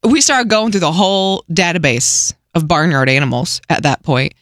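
A woman radio host telling a funny story in a casual, animated, self-deprecating way. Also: on the low side, normal speed, no echo, studio quality.

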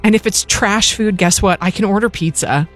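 A woman's voice: medium pitch, moderate pace, soft background music. A young woman co-hosting a radio show, chatting candidly and laughing often. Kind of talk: casual on-air chat.

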